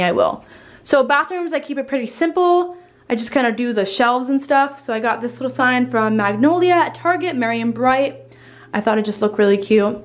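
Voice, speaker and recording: A woman in her twenties gushing about her holiday decorating while showing her home, a bit out of breath and swearing casually. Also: fairly high pitch. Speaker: lifestyle vlogger. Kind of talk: casual home tour chat.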